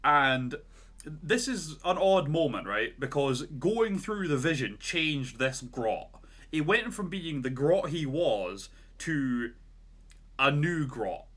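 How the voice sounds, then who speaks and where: A man's voice: mid-range voice, animated, slow, fairly bright tone. A man co-hosting a podcast, retelling a story in a casual, rambling way with lots of "like" and "right?". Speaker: podcast co-host.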